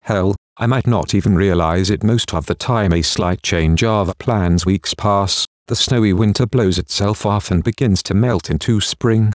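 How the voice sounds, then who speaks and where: Deep-voiced man narrating an audiobook. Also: dry recording, studio quality. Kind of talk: scripted narration.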